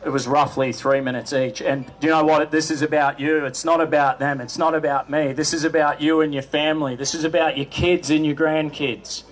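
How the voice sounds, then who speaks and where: A man giving a rousing rally speech, shouting slogans to the crowd. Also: on the high side, fairly even intonation, fairly quick, hardly any pauses. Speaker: rally speaker.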